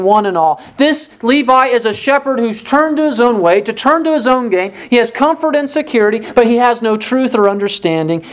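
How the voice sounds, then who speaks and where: A woman's voice: fairly high pitch, clear, resonant tone. Woman preaching a sermon. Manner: rhetorical questions, emphatic pauses. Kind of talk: expository sermon.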